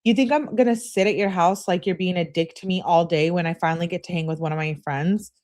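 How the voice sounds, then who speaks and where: A woman's voice: on the low side, steady tone, fast talker, a little mellow, natural voice. A woman reading aloud as an upset teenage girl, clingy and indignant, complaining in an exasperated way. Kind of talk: reading text messages aloud.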